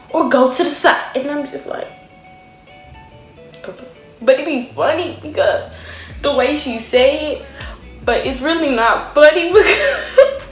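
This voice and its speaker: A young woman, a dance student, telling funny stories about her teachers and laughing often. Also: sits high. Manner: animated, laughing. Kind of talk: casual storytelling with impressions. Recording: echoey room.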